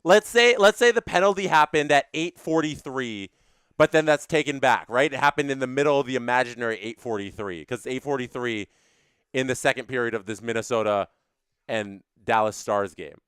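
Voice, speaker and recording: A man's voice: mid-range voice, brisk, a bit bright, clean tone, dry recording, studio quality. A man hosting a live stream, reading viewer chats and ranting opinionatedly, often repeating his phrases.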